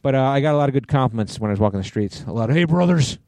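Man in his 40s, podcast co-host, blunt dry delivery, mid-pitched, dead dry mic. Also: very fast, darkish tone, no echo. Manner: dry, blunt, swears casually. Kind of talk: casual chat.

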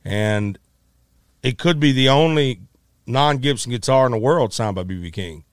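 A middle-aged man, a musician, telling a story in a casual, animated way, acting out quotes with many restarts. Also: mid-range voice, normal speed, smooth, no echo, clean studio sound.

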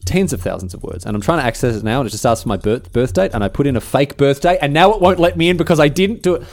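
A man co-hosting a casual podcast, chatty and quick to laugh. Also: medium pitch, no echo, clean studio sound. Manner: animated storyteller, laughs often. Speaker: podcast co-host. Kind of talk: casual chat.

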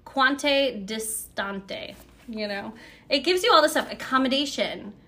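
A woman's voice: sits high, lively intonation, fairly quick, a bit bright. Chatty American woman podcasting. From United States. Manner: chatty, rambling, reads phrases aloud from a book. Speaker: podcast host. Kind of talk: casual solo podcast talk.

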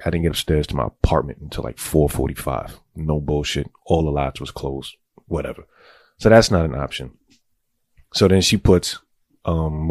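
Deep-voiced New guy, profane storyteller who wanders off on tangents, dry close sound. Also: a little mellow, no echo. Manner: rambling, streetwise, goes on tangents.

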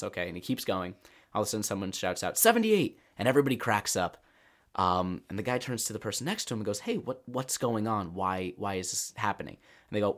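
Low-voiced man playfully telling a joke. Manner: playful, tells jokes with acted-out lines. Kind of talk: casual podcast chat.

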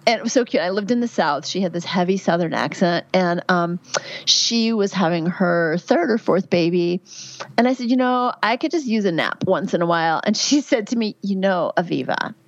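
A woman's voice: on the low side, expressive, normal speed, no room sound. Chatty middle-aged woman, dry dull sound. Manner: earnest, chatty, frequent fillers and restarts. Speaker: midwife and guest. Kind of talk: conversational interview answers.

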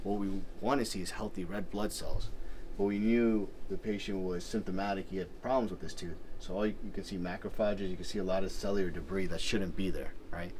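A male dentist in his office, explaining findings in a quick, animated way and often checking in with "right?". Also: low-pitched, a little hiss or hum. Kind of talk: conversational explanation. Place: dental office.

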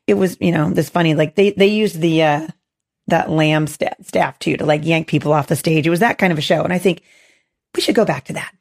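A woman hosting a faith podcast, hoarse with a gravelly voice, earnest and encouraging with many restarts. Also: low-pitched, fairly quick. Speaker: podcast host.

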